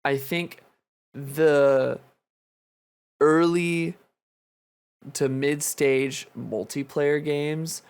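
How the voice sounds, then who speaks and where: A man's voice: fairly high pitch, fairly even intonation, very slow, long pauses, a little mellow, clean tone. Rambling, casually profane young man. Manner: loose, rambling, swears freely. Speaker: podcast co-host. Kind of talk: casual chat.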